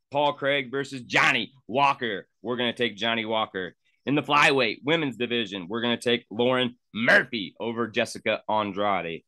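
A man hosting a sports picks show, running quickly through his betting picks with confident calls and plugs for the show. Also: mid-range voice, pushed and bright, no room sound. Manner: confident, brisk, plugging the show between picks. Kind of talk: rapid-fire sports betting picks rundown.

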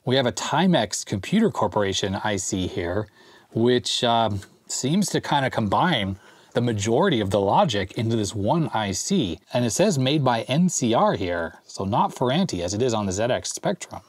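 Guy on a retro computer repair channel, chill, thinking out loud as he works, dry close sound. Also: medium pitch, normal speed, no room sound. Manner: thinks aloud while working, relaxed, with small fillers and laughs. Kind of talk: casual hands-on show-and-tell.

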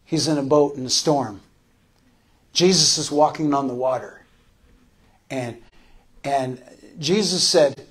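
A man preaching a sermon as pastor, his voice sitting a little high for a man. He takes his time, leaving space between phrases. He repeats lines for emphasis and swings from loud calls to soft, tender words. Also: a little slow, long pauses, husky.

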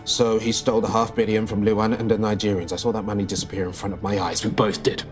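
An actor playing a grim man who lays out a crime in a grave, measured way, with music behind. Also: lowish voice, level tone, lightly acted.

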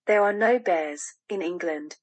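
A sensible father brushes things off in a plain, matter-of-fact way, as a woman reading a storybook puts him on. The voice is husky and slow. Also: lowish voice, dull audio. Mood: dismissive.

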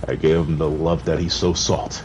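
A man gaming with a friend, throwing out theatrical, mock-medieval taunts and deadpan jokes. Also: a bass voice, moderate pace, a little hiss or hum, poor audio. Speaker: gamer playing with a friend. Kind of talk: playful gaming banter with mock-knightly lines. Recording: game music behind the voice.

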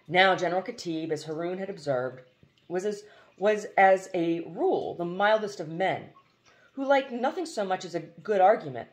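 A woman reading a novel aloud as audiobook narration, expressive, with occasional slips and restarts. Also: on the low side, moderate pace. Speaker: audiobook reader.

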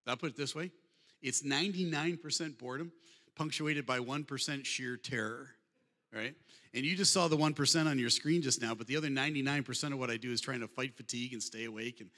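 Male speaker in his fifties, quick and bright, joking with the room, hall reverb. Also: mid-range voice. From Michigan, USA. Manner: humorous, conversational, addresses the audience directly. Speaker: guest speaker. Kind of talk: storytelling talk.

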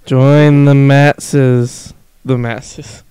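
A man's voice: mid-range voice, flat delivery, extremely slow, mellow, clean tone, no echo. A man hosting a podcast, chatting casually, joking, swearing a lot and laughing often. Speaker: podcast host and streamer. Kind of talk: casual chat.

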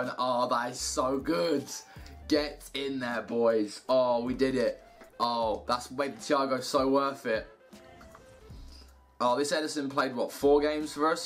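A young man giving casual commentary over gameplay, muttering to himself and cheering loudly at good results. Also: medium pitch. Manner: excitable, shouts and cheers at good packs. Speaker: gaming YouTuber.

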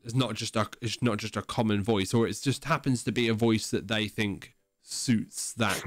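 Low-voiced man, blunt and teasing. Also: steady tone, normal speed, dry recording. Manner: blunt, teasing, rambling explanations. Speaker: podcast co-host. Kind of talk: casual chat.

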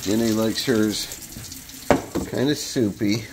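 A man's voice: lowish voice, slow, very noisy. A man filming at home, talking to his dogs in playful, cooing baby talk and speaking their thoughts aloud. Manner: coos and voices the dogs' thoughts in silly baby talk. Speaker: dog owner filming his pets.

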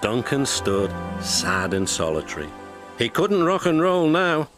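A man narrating a children's storybook with gentle, expressive telling. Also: medium pitch, a little slow. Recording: music playing behind.

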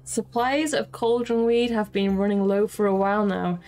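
A woman's voice: medium pitch, fairly even intonation, moderate pace, a little mellow, lightly acted. A woman voicing a toothless old crone as she reads the crone's lines aloud from a gamebook, with faint music behind. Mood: pleased.

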